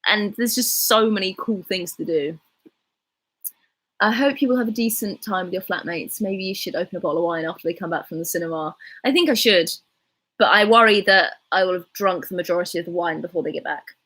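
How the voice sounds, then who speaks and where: Breathy young Southern English woman. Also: lowish voice, a little fast, a bit bright. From England. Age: 20s. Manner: chatty, rambling, reads chat aloud. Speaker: livestreaming YouTuber. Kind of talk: casual chat reading live comments.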